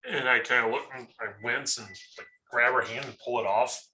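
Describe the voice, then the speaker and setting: A man playing a tabletop role-playing game, describing his character's actions in a lively way and laughing along. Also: mid-range voice, brisk. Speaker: player.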